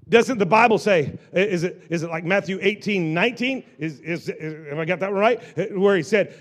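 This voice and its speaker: A male pastor preaching a lively sermon to a live congregation, repeating phrases and joking with the people in the pews. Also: high voice, normal speed, pauses often. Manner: animated preaching with repetitions and asides to the congregation.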